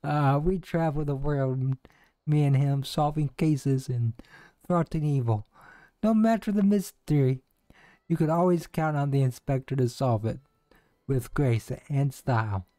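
A man's voice: mid-range voice, measured pace, warm tone, no echo, natural voice. A man voicing an earnest, theatrical young woman detective's sidekick, reading game cutscene dialogue aloud with some stumbles.

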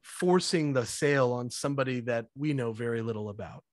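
A man speaking as a podcast guest, energetic and conversational, now and then acting out little scenes in mock voices. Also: mid-range voice, brisk, no room sound, studio quality. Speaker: podcast guest, sales evangelist. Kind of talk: conversational interview.

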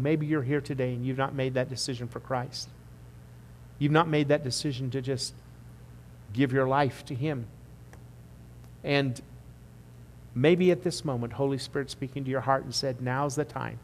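A man preaching a sermon as pastor, emphatic at the peaks and quiet and slow when he appeals to the congregation. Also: mid-range voice, a little hiss or hum. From United States. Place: church sanctuary. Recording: long church reverb.

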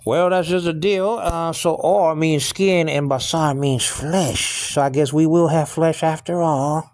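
A man's voice: on the high side, steady tone, unhurried, darkish tone, no echo. A middle-aged man teaching a casual Bible study, rambling with many fillers, repeated asides and restarts.

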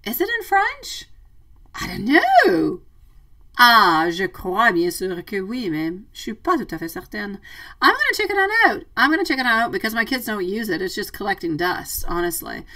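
A woman hosting a live tarot reading, chatty and affectionate, calling her listeners sweetie and love, playful and quick to laugh. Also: medium pitch, very animated, sharp tone, recorded from a distance, rough recording. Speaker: tarot reader.

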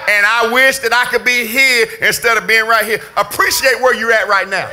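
A middle-aged man from the preaching with fervor, his voice pitched unusually high and ringing very bright. He swings from easy storytelling to full-throated shouts that drive each point home. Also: fairly quick, hardly any pauses, slight background noise. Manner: fervent preaching, often shouting with emphasis. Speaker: pastor. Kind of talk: sermon. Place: church sanctuary.

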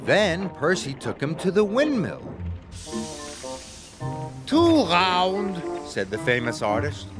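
A man narrating a storybook cartoon in a gentle, expressive, scripted way. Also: fairly high pitch, normal speed, few pauses. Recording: narration over background music. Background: music.

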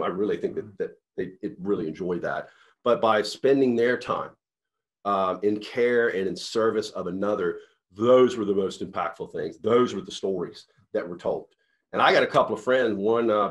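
A man, a company CEO, giving a motivational talk to sales reps in an earnest, rambling storytelling way with many restarts. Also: fairly low pitch.

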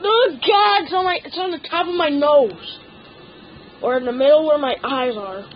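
High-voiced teen wincing through gameplay commentary. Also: lively intonation, normal speed, dull audio, a little hiss or hum. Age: teenager. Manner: pained, stammering complaints. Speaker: gaming channel host.

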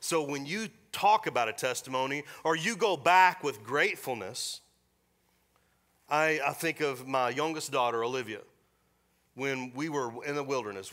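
A middle-aged man preaching a sermon as pastor, animated and mixing scripture with joking asides. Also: medium pitch. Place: church service.

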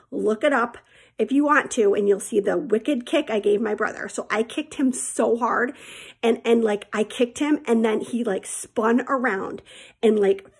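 A woman's voice: mid-range voice, creaky, breathy edge. A woman teacher telling her students a personal story in a chatty, candid way and calling them friends.

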